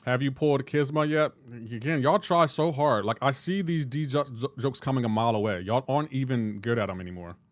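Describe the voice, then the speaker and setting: A young man live-streaming a mobile game, joking back and forth with his chat in a casual, animated way. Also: mid-range voice, fairly quick, few pauses, no echo.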